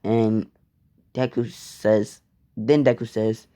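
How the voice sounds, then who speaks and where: Casual male narrator, swears, chatty, mellow tone. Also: lowish voice, level tone, slow pace. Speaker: storyteller. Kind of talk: casual fan-story narration.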